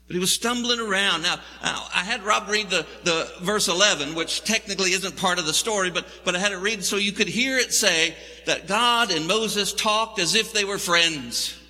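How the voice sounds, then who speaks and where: A man's voice: high-pitched, moderate pace, few pauses, bright, forceful tone. A man preaching a sermon in a church, telling the story in a conversational, wry way. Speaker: pastor. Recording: long hall reverb.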